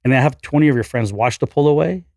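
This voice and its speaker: Fast-talking man in his forties telling a story. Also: medium pitch, no room sound, studio quality. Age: 40s. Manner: animated, profane, self-deprecating storyteller. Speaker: podcast guest. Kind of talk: casual storytelling.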